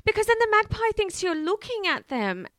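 A woman co-hosting a podcast in casual chat, relaxed and telling stories with laughter. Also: very high-pitched, brisk, no echo, clean studio sound. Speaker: podcast co-host. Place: Melbourne, Australia.

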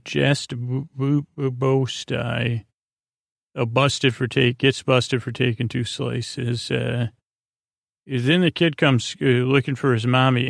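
A man's voice: mid-range voice, creaky, dry recording, studio quality. A man hosting a podcast for sleep, retelling an episode in a meandering, hesitant way, full of fillers and restarts, and quoting the characters in his own plain voice. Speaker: podcast host. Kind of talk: rambling episode recap for sleep.

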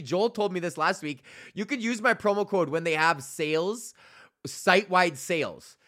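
A man hosting his own podcast, telling a profane, comedic story and reading his ads with sudden loud shouted bits. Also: a little high. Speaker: podcast host.

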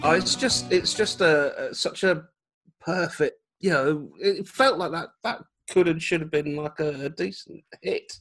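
A man's voice: on the high side, a little slow, fairly bright tone, soft background music. A man hosting a podcast interview, chatting casually, enthusiastic and fan-like with hesitant fillers. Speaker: podcast host.

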